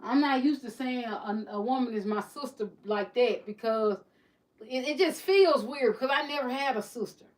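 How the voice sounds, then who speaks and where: Female livestream host, high-pitched, casual candid chat, rambling with restarts. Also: moderate pace, low-quality recording. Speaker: livestream host, beauty business.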